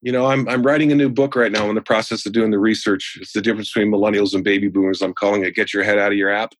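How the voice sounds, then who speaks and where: A man in his sixties speaks as a guest on an interview show, spinning stories with lively animation. His voice sits low and a little husky. The sound is dry and close, with no room around it. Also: very fast, dry recording. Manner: animated storyteller. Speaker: guest, sales trainer and speaker. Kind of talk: storytelling in a podcast interview.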